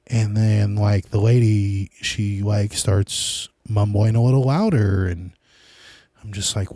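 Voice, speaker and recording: Man, very low voice, dark mellow tone, dry close sound, rambling casual podcast host. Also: a little slow, dry recording. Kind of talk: casual solo podcast monologue.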